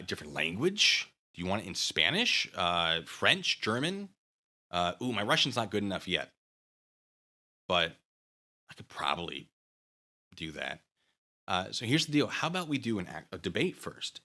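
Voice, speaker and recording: A man's voice: deep voice, big pitch swings, moderate pace, sharp tone. A man hosting his own channel, ranting to the camera and goading a rival in a taunting, sarcastic way. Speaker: channel host.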